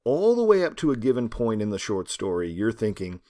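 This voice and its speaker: Animated male literature professor. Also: on the low side, brisk. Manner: animated, conversational asides, rhetorical questions. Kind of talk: recorded lecture.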